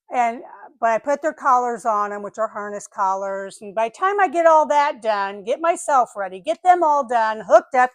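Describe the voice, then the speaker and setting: Lively older woman telling a story. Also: fairly high pitch, no echo. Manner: animated, acts out voices of dogs and neighbors. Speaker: vlogger. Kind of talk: casual storytelling.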